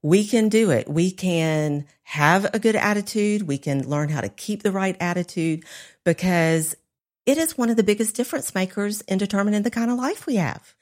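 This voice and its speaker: A woman's voice: medium pitch, moderate pace, darkish tone. A woman co-hosting a casual chat, candid and self-deprecating, speaking to listeners. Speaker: podcast co-host.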